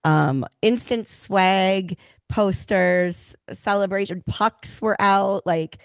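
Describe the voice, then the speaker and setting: A woman's voice: mid-range voice, slow pace, clear, resonant tone, dry recording. A woman co-hosting a casual hockey podcast, upbeat and steering the talk with questions. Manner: upbeat, leads the conversation with questions. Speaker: co-host.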